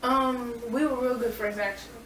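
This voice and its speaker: A woman cast member at a reunion, talking loud and brash and swearing freely. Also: on the high side, fairly even intonation, a little fast. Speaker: reality show cast member. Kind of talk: heated reunion talk. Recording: echoey room, far off, noisy.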